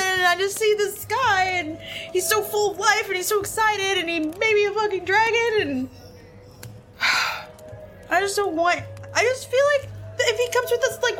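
A woman's voice: extremely high pitch, a bit bright, voice pushed up. Woman playing a guilt-ridden young adventurer. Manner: halting, self-reproaching.

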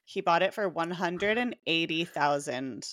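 A woman's voice: lowish voice, lively intonation, a little slow, a bit bright. A woman co-hosting a podcast, chatting casually, giggling and trailing off with fillers. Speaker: podcast co-host. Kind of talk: casual chat.

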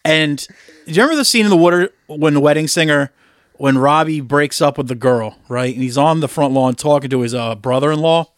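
Animated man retelling movie scenes. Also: a little high, a little fast, dry recording. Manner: animated storytelling, swearing, acting out movie lines. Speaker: podcast co-host. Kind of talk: casual chat.

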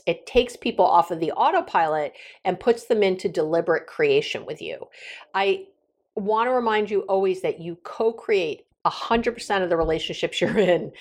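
A woman hosts a relationship advice podcast in a loose, conversational way. She often stops and corrects herself mid-sentence. She acts out little sample dialogues in a voice of middling pitch. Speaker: podcast host.

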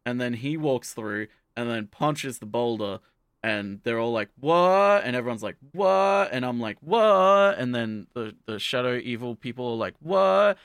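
A man on a casual anime podcast, recapping an episode in a loose, rambling way. He fills his sentences with "like" and acts out each character's lines as he goes. His voice sits at a middle pitch, and the sound is close and dry with no room echo. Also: steady tone, moderate pace. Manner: rambling, heavy use of "like" fillers. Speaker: podcast co-host.

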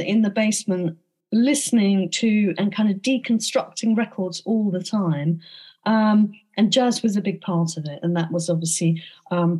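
A woman being interviewed about her book, speaking thoughtfully with frequent pauses and restarts. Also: medium pitch, darkish tone. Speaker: author and interview guest. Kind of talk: conversational interview.

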